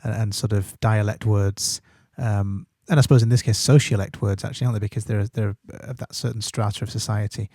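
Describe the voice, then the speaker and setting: A man's voice: on the low side, fairly even intonation, a little fast, warm tone, no echo, studio quality. A man hosting a study podcast, commenting on a set text in an informal way, thinking aloud as he goes. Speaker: podcast host and teacher.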